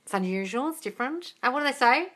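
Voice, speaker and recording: A woman hosting a casual live Q&A as a manifestation coach, chatty and animated, swearing freely and laughing often. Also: sits high, fast. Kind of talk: casual live-stream chat.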